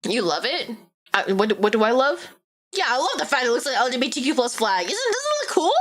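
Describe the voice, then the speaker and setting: A woman's voice: on the high side, a little fast. Chatty young woman with a valley girl accent. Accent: Valley Girl Californian. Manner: chatty, heavy use of "like", animated. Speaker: VTuber streamer. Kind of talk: casual live-stream chat.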